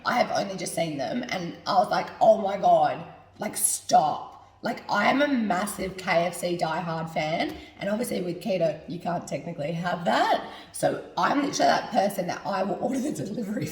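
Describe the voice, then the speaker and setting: A hungover woman rambles and giggles through a casual cooking vlog in her home kitchen, her voice lively and bouncing around in pitch. There's a gravelly edge to it. She's a bit away from the mic in an echoey room with faint noise behind. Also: distant mic. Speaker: cooking show host.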